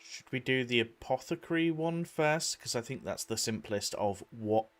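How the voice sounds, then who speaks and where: A man's voice: mid-range voice, expressive, moderate pace, faint music behind. A man player chatting casually during a tabletop game, asking easygoing questions.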